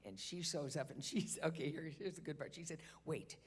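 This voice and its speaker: A woman's voice: sits low, a little fast. A woman telling a chatty, self-mocking anecdote live on a theater stage, with hesitant restarts. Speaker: guest storyteller at a benefit concert. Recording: long reverb of a concert hall.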